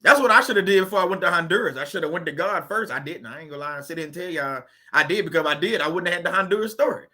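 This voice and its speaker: A man's voice: fairly high pitch, racing, hardly any pauses, sharp tone. A man hosting a faith-based video channel, talking in a casual, preachy way and putting rhetorical questions straight to his viewers.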